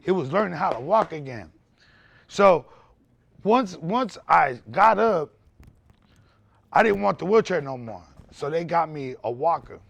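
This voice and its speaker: Gravelly, loud-talking man telling his story. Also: on the high side, measured pace, pauses often, no echo. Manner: loud, animated, swears freely. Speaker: podcast guest. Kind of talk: candid storytelling conversation.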